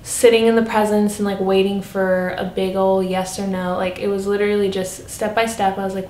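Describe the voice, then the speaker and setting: A young woman chats through a personal story, earnest and animated, at a middling pitch. The room is echoey, and a faint low rumble sits underneath. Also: brisk, hardly any pauses. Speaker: vlogger. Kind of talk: casual personal vlog storytelling.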